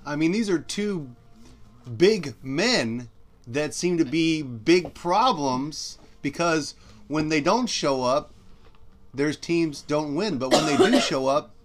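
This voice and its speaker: A man's voice: a little high, animated, takes it slowly. A man co-hosting a sports podcast in casual, playful chat, often talking up his partner. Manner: playful, talks up his co-host.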